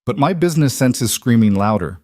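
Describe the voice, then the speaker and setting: A man voicing a contrite businessman who keeps his voice steady and even. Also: mid-range voice, brisk, dry recording, studio quality, voice pushed up, close to an everyday voice. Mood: steady contrition. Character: contrite businessman husband, middle-aged, steady.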